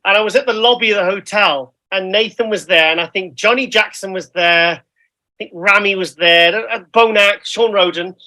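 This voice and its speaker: Brief: British male co-host, bright tone, chatty storyteller who rambles. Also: sits high, normal speed, low-quality recording. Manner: rambling, self-deprecating storyteller. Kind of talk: casual podcast chat.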